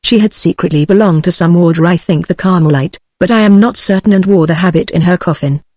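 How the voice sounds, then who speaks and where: A synthetic audiobook voice reads the story in a steady, middle-pitched tone. The sound is close and dry, with no room around it. Its delivery is even and machine-made throughout. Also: quick pace, no room sound. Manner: even synthetic text-to-speech reading. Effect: text-to-speech voice. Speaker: audiobook narrator. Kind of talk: scripted narration.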